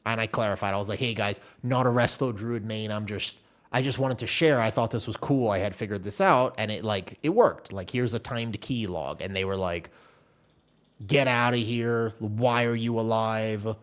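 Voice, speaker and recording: A man live streaming a game, telling a long story in a casual, animated way with many restarts. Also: fairly low pitch, a little fast. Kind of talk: casual chat while playing a game.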